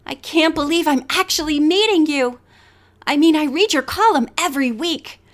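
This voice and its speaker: A woman reading an audiobook, voicing an excitable teenage girl who gushes breathlessly. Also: high-pitched, normal speed, voice pushed up, natural voice. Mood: excited. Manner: breathless, gushing. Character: excitable teen girl, boy-crazy fashion fan.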